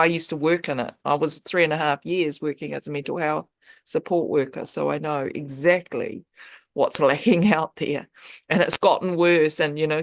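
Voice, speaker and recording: A woman's voice: sits low, creaky. A woman hosting an interview, affirming her guest with supportive comments and easy laughter. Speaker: interview host. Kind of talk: warm interview conversation.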